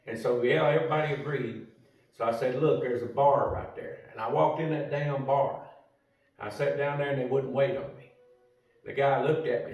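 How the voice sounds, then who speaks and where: An older man, telling a story in a salty, profane, folksy way. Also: medium pitch. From United States. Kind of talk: casual storytelling. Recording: roomy echo from a distant mic.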